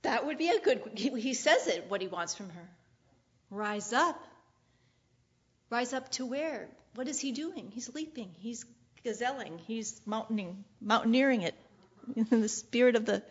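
Woman preacher, fairly high-voiced, lively sermon delivery, muffled lo-fi sound. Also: measured pace, pauses often, slightly rough. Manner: playful and animated, often laughing and acting out quoted lines.

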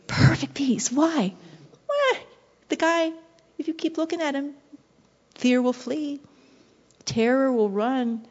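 A woman preaching with passion, slipping into hushed whispers and then surging with intensity. Her voice sits on the high side and the recording sounds dull and lo-fi. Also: lively intonation, slow pace, pauses often. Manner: passionate, shifting between soft whispers and bursts of intensity. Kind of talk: devotional sermon.

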